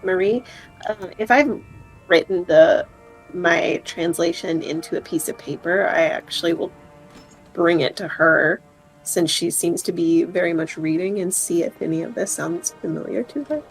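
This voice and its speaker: A woman's voice: on the low side, moderate pace, faint music behind, rough recording. Hesitant woman player thinking aloud. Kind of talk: tabletop role-play.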